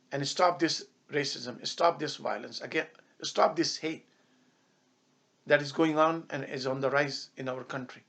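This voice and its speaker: A man's voice: fairly high pitch, a little slow, vocal fry, fairly bright tone. A man speaking as an imam, giving a public statement with impassioned emphasis and stretches of solemn prayer. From Canada. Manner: impassioned, rising to angry emphasis.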